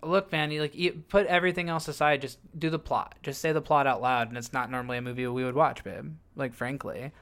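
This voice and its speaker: Laid-back, smooth-voiced man podcast co-host. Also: medium pitch, fairly even intonation, a little fast, few pauses, a bit bright. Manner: loose, profane, laid-back. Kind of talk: casual movie review chat.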